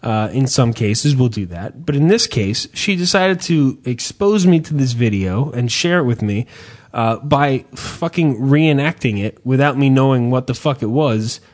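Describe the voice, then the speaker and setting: A man's voice: mid-range voice, expressive, unhurried. A man hosting a casual chat, swearing freely and rambling through a story, with many hesitations and restarts. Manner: hesitant, repeats himself. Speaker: podcast host.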